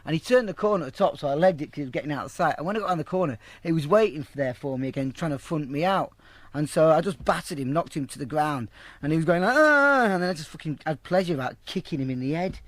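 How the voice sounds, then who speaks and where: A fairly high-pitched man with a quick pace acts out quoted voices as he tells a rambling, heavily profane story in a casual interview. There's no echo on the audio.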